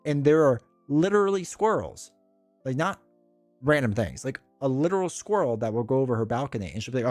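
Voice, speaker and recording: A man's voice: mid-range voice, big pitch swings, brisk, darkish tone, no room sound, soft background music. A middle-aged man chatting casually on a live stream, rambling and reading chat messages aloud.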